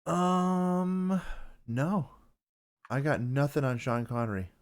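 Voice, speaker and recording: A man's voice: a little high, lively intonation, slow. Rambling dry-humored male podcaster. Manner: rambling, dry, self-deprecating, many fillers. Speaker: podcast host. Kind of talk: casual podcast chat.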